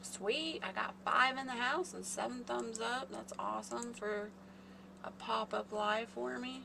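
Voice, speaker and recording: A woman's voice: a little high, steady tone, measured pace, vocal fry, background noise. A woman hosting a casual live stream, rambling and chatting with her viewers by name. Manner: chatty, rambling, talks to chat readers by name.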